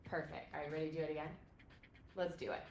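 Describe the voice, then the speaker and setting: A woman's voice: deep voice, little pitch movement, fast talker, gravelly, a little mellow. A woman yoga instructor in her thirties, guiding a parent-and-child stretch class with upbeat, encouraging cues. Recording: echoey room with faint noise.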